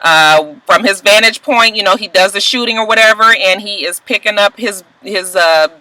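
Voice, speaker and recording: A woman recapping a TV episode in an animated, gossipy, salty way, chatting to her viewers. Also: medium pitch, normal speed, no room sound, poor audio. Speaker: TV recap vlogger.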